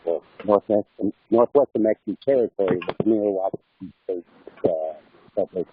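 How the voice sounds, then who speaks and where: A man's voice: fairly low pitch, moderate pace, a little hiss or hum. A man speaking on a group call, hesitant and full of fillers, over muffled online audio. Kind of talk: casual chat.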